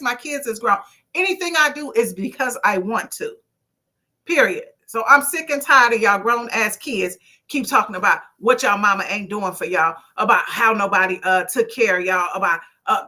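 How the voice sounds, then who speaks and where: Bright outspoken woman in her fifties. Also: a little high, moderate pace. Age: 50s. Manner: outspoken, lively, preachy, swears. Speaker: livestream talk show host. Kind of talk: casual livestream talk, reading viewer comments.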